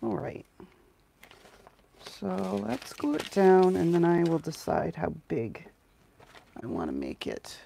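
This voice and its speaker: Slow, gravelly woman chatting while crafting. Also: lowish voice, huge pitch swings, dark tone. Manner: chatty, sarcastic, talks to herself while working. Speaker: crafting livestream host. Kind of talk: casual crafting chat to live viewers. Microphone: close mic.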